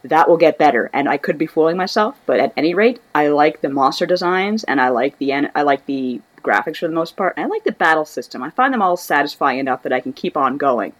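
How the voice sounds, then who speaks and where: A woman's voice: low voice, expressive, fast talker, hardly any pauses. A woman co-hosting a casual podcast chat, rambling with many fillers. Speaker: podcast co-host.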